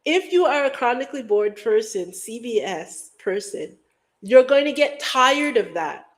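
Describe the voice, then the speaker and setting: A woman's voice: a little high, expressive, a little slow. A middle-aged woman from Guyana hosting a livestream, rambling in casual chat and breaking into hummed beats and mock voices. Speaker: livestream host.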